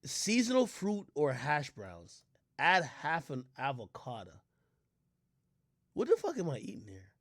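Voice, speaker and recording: A man streaming casual commentary, reading a menu aloud and ranting in loud, profane disbelief. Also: fairly high pitch, huge pitch swings, a little slow, dry recording, clean studio sound.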